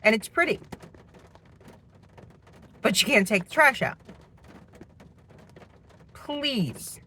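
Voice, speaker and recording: A woman's voice: on the high side, lively intonation, a little slow, sharp tone, husky. A middle-aged woman venting indignantly as she tells a personal story about her household. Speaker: parent telling a personal story. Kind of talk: personal vlog monologue.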